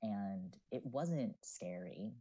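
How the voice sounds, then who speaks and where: A man's voice: lowish voice, expressive, drawn-out words, warm tone, husky, rough recording. A man in his twenties, a student writer and podcast guest, talking in an earnest, reflective way with many fillers. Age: 20s. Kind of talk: casual podcast chat.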